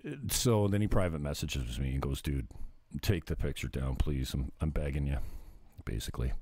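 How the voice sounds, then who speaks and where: Low-voiced man ranting profanely on a livestream. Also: a little mellow, no echo. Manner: profane, sidetracked, laughs at himself. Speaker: livestream host. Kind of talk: casual rambling rant.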